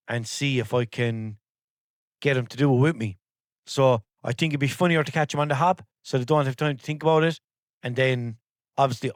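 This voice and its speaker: Rambling, sweary Irish podcast host. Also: male voice, mid-range voice, no echo, clean studio sound. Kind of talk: casual chat.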